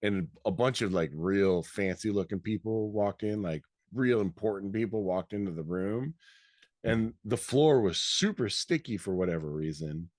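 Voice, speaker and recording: A man's voice: on the low side, normal speed, darkish tone, no echo, studio quality. A man from Michigan, co-host of a podcast, telling a rambling anecdote in casual chat and acting out the quotes.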